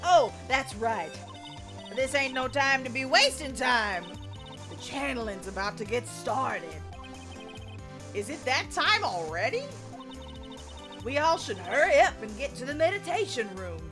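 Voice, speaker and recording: Loud, bubbly southern woman photographer, as a streamer puts her on, high and drawling, with her voice swinging wide and slow. Her lines come brash and excitable. Game music runs behind her. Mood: urgent. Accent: American Southern, put on.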